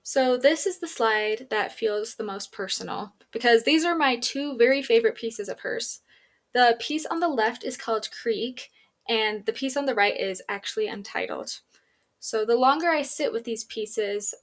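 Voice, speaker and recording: A young woman, an art student, giving a class presentation in an earnest, reflective and personal way. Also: medium pitch.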